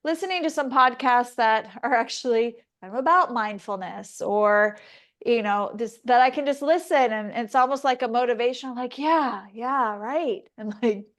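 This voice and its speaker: A woman sharing in an online mindfulness class over a video call, talking in a reflective and halting way with many fillers. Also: a little high, fairly bright tone. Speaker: class participant.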